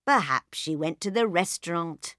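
A woman reading aloud and voicing a calm, worldly older man giving advice to a stranger. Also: lowish voice, moderate pace, no room sound, clean studio sound. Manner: calm, advising. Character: calm older male traveller, worldly and unhurried.

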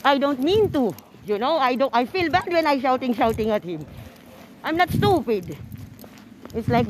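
A fairly high-voiced woman rambles into her phone as she walks through shops. Her English comes out chatty and broken. The recording picks up clear background noise around her. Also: big pitch swings, moderate pace. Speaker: vlogger. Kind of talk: casual vlog monologue.

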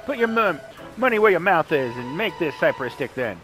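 Over game music, a man plays a cocky, mocking skeleton sailor, putting on a Southern American accent and letting out a cackling laugh. His fairly high voice is very animated, brisk and a bit bright, and the taunting, brash delivery comes through on poor audio.

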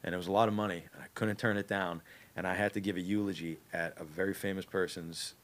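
A man with a Boston accent, a voice actor chatting casually as a podcast guest and often slipping into other voices. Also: sits low. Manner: animated, quick to slip into voices.

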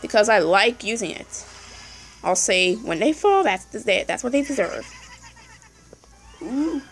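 A young woman commentating her puzzle game casually, excitable, yelling at the game and repeating "no" over and over. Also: medium pitch, slow pace, soft background music, low-quality recording. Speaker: gameplay commentator.

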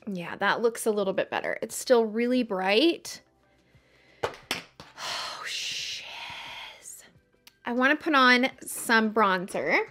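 A woman's voice: a little high, animated, moderate pace, few pauses, bright, forceful tone, soft background music. A woman chatting casually while doing her makeup for a get-ready-with-me video, chatty and self-mocking. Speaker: beauty vlogger.

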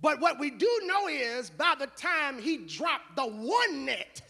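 A man preaching a sermon as pastor, moving from low conversational asides to loud shouted call-and-response. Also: big pitch swings, takes it slowly, creaky.

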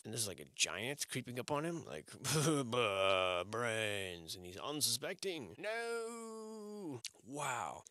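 A man's voice: medium pitch, no echo. A man giving casual, sarcastic commentary on old photos, cursing freely. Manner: animated, sarcastic, swearing. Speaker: video host.

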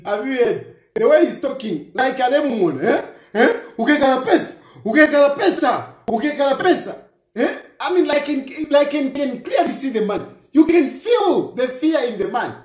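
A man's voice: very high voice, sing-song, moderate pace, roomy sound. A man giving reaction commentary on a news clip, mocking and firing repeated rhetorical questions. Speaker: political commentator.

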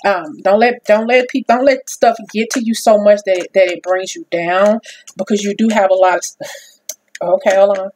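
A woman's voice: mid-range voice, steady tone, normal speed, a little mellow, slight background noise. A woman giving a casual tarot reading, folksy and repeating her phrases for emphasis. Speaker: tarot reader.

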